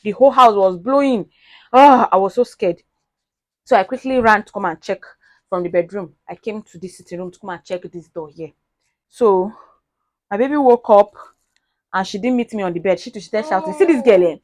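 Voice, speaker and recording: A Nigerian mother vlogging casually in her sitting room, telling a story and gently coaxing her daughter. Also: medium pitch, a little fast, dry recording. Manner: chatty, mixes in Pidgin phrases, scolds gently.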